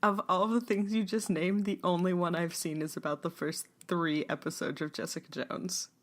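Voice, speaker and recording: A woman's voice: fairly low pitch, flat delivery, normal speed. A young woman co-hosting a casual podcast chat, playful, gushing and teasing. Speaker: podcast co-host.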